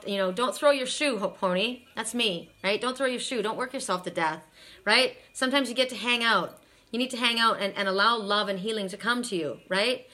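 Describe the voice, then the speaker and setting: A woman's voice: medium pitch, bright, forceful tone. A middle-aged woman doing a live card reading, tired and emotional, chatting with viewers and often repeating herself. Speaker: oracle card reader.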